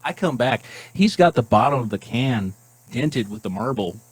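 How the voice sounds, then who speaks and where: A man co-hosting a podcast who tells prank stories in a casual, animated way and laughs often. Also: medium pitch, moderate pace, slightly rough, poor audio. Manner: animated storyteller, acts out voices, laughs often. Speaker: podcast co-host. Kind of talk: casual storytelling chat.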